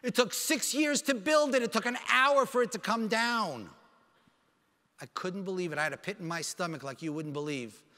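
High, bright-voiced man telling a dramatic story. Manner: animated, acts out dialogue with quick voice changes. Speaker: keynote speaker. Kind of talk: dramatic personal storytelling speech. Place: large conference hall. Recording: reverberant conference hall sound.

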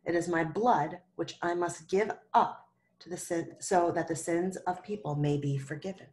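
A soft, sorrowful Jesus from a children's Bible story speaks calmly and gently, as a woman reads him aloud. The voice sits a touch low, with a quiet, tender delivery that never rises. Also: normal speed, close to an everyday voice. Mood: gentle. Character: gentle, sorrowful grown male teacher Jesus.

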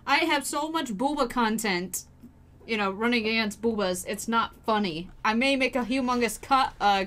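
A woman streaming a game from home, excitable, swearing and laughing as she plays. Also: on the high side. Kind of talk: live game commentary.

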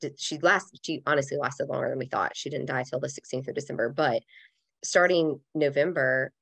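Podcast guest: woman, thirties, low gravelly voice, earnest and reflective, close dry mic. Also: fairly quick, fairly bright tone, no room sound. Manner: earnest, reflective, with casual fillers like "like". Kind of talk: heartfelt conversational interview.

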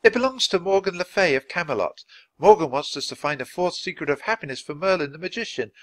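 A man's voice: a little high, fast talker, pitched above the performer's own voice, close to an everyday voice. A man voicing an eager, talkative young girl in a storybook reading. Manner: excited, chatty.

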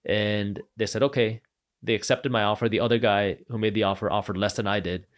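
A man on a podcast as an entrepreneur guest, telling stories with lively energy and acting out the voices of the people in them. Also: fairly low pitch, a little fast. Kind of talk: animated storytelling.

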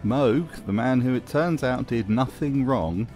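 A man's voice: medium pitch, unhurried, over music. A man narrating a scripted video essay with wry, jokey commentary.

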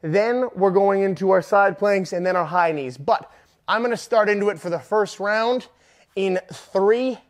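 A man's voice: high-pitched, a little slow. A man working as a fitness trainer, counting reps aloud and giving upbeat, encouraging cues while he exercises along. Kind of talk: workout coaching.

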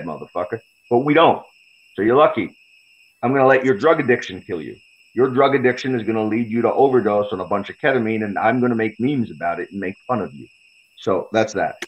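A man's voice: mid-range voice, lo-fi sound. A man, a guest fighter on a podcast interview, talking in a profane, confrontational and boastful way. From United States.

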